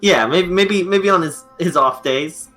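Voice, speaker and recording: A man's voice: high-pitched, unhurried, pushed and bright, faint music behind. A man playing a tabletop game, rambling and joking with lots of fillers. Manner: rambling and jokey, many fillers. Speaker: player. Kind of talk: casual tabletop game play.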